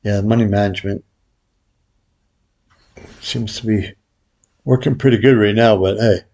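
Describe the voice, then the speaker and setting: A man hosting a gambling video, calling out his bets in a relaxed, muttered running commentary to viewers. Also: fairly low pitch, measured pace, dull audio. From Vegas pro. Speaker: baccarat video host. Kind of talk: casual play-by-play of bets.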